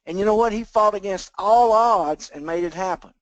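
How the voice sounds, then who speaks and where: A man with a high, bright-pitched voice gives a motivational pep talk to his sales team. His folksy delivery leans on repetition and a preachy rhythm. The sound is close and dry, with no room around it. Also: brisk, hardly any pauses, no room sound, poor audio. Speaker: team leader on a sales call. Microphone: phone or conference call line.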